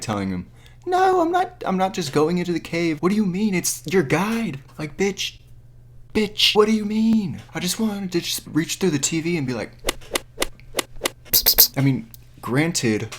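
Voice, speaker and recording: A young man vents into his camera with a casual, foul-mouthed, exasperated energy. His voice sits on the low side, and he talks with animated disbelief. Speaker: vlogger. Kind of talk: casual movie review rant. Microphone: camera mic.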